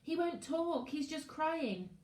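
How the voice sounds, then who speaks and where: A woman's voice: high-pitched, expressive, takes it slowly, a little mellow, pitched above the performer's own voice. A woman voicing a frightened young girl who talks anxiously and nervously. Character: frightened, pleading young girl holding her brother. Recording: echoey room.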